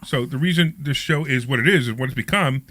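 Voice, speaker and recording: A fast-talking male radio host with a bright, forceful voice that swings up and down a lot. He jokes and pushes his listeners, in casual talk-show banter on a studio mic. The sound is close and dry. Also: medium pitch, dry recording. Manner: jokey, animated, pushy with listeners.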